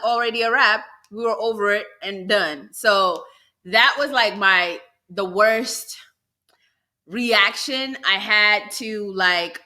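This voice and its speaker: A young woman co-hosting a podcast, telling a story in casual chat and acting out what people said. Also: mid-range voice. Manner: animated storyteller who acts out quotes. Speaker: podcast co-host.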